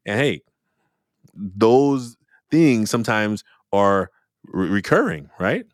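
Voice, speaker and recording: A man's voice: on the low side, lively intonation, takes it slowly, pauses often, no room sound, clean studio sound. A man hosting a podcast, telling a story earnestly and repeating phrases for emphasis. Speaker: podcast host. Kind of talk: conversational storytelling.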